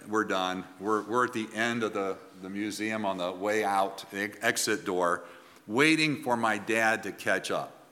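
A man's voice: fairly low pitch, sharp tone. Earnest male preacher in a reverberant hall. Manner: earnest, emphatic preaching with pauses and restarts. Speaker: pastor. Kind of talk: sermon.

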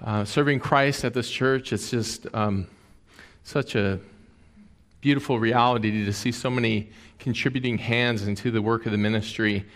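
A man's voice: mid-range voice, steady tone, normal speed, fairly bright tone. A man preaching a sermon as a pastor, in a conversational way with many fillers.

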